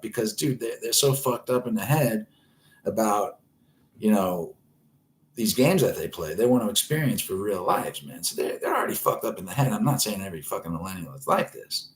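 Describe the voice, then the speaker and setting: A man in his forties hosting a live late-night stream, ranting in a rambling, constantly swearing way. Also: on the low side. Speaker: host.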